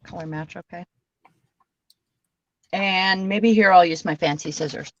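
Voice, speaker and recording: A woman's voice: fairly low pitch, unhurried. Chatty woman crafting, dull audio. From Washington state. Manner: chatty, rambling, laughs often. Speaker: card-making livestream host. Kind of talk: casual chat while crafting.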